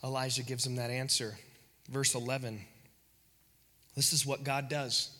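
Slow husky preacher guy, bright tone, repeats lines, gets loud then whispers, big echoey hall. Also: medium pitch, little pitch movement. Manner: emphatic repetition, swells loud then drops to a whisper. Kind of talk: sermon.

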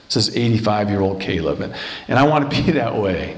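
A man's voice: on the high side, animated, a little fast. Man in his sixties preaching emphatically. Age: 60s. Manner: emphatic, rhetorical questions, repeats words. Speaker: pastor. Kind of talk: sermon.

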